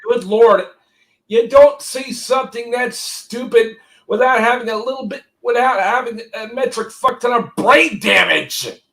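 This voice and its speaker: A man's voice: very high voice, measured pace, creaky, fairly bright tone. A man joining a livestream chat, crude and scoffing, swearing freely. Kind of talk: casual ranting chat.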